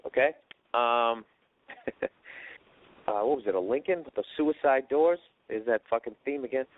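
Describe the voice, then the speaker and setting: A medium-pitched man hosts a podcast at a moderate pace, telling profane stories in a loose, rambling monologue. He acts out quotes in other people's voices. The recording sounds dry, tinny and phone-like.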